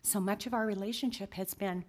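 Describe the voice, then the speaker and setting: A guest in her sixties recounts her story in a confessional interview, earnest and emotional, at moments speaking barely above a whisper. Her medium-pitched voice has fairly even intonation and moves a little fast.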